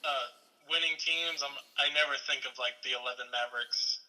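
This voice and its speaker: A man's voice: medium pitch, fairly even intonation, fairly quick, pushed and bright, poor audio. A man who is a guest on a casual sports podcast, chatting easily with plenty of loose filler words.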